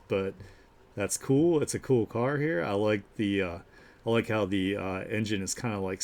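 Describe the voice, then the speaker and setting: A man's voice: medium pitch, a little mellow. A man hosting a live art share stream, chatting casually and upbeat, full of fillers and restarts as he gushes over each piece of artwork.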